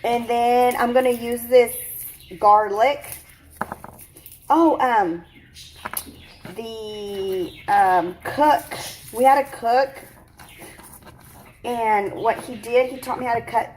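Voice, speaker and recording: A woman's voice: a little high, slow, long pauses, darkish tone, a little hiss or hum. A woman chatting her way through a home cooking tutorial in her kitchen, rambling with lots of fillers and self-corrections, teary from cutting onions. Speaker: cooking vlogger.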